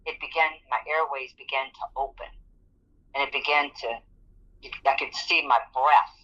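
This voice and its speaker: Her voice is bass-deep and fairly bright, with fairly even intonation and normal speed, as she earnestly recounts her own experiences in an interview, acting out the words people said. The lo-fi, somewhat dull recording has a little hiss or hum.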